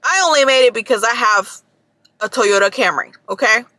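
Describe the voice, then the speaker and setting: A woman's voice: on the high side, moderate pace, pushed and bright, no echo. A young woman ranting bluntly and profanely in a casual monologue, talking from her parked car. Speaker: vlogger.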